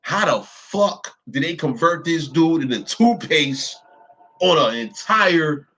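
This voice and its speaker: Animated reaction commentator, a man with a high, bright voice who swears freely and keeps firing rhetorical questions. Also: slow, breathy edge.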